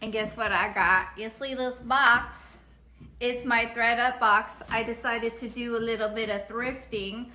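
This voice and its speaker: A woman's voice: fairly high pitch, fairly even intonation, measured pace, pushed and bright. A woman in her thirties chatting casually and gushing through a lifestyle vlog. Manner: bubbly and chatty, gushing exclamations. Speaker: lifestyle vlogger.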